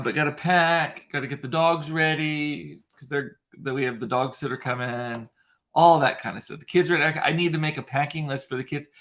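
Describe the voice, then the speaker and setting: A chatty man in his thirties talks straight to the camera from his home, loose and rambling, dropping dry sarcastic asides. His voice sits at an ordinary middle pitch, recorded close to the camera. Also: fairly bright tone. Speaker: vlogger. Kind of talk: casual chat to camera. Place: at home, indoors.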